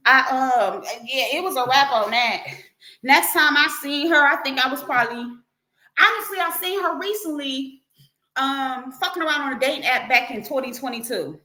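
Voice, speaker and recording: A middle-aged woman hosting a livestream tells a story in a casual way, animated and profane, acting out the quotes as she goes. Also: sits high, normal speed, roomy sound. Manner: animated, profane, acts out quotes in her telling. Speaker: livestream host.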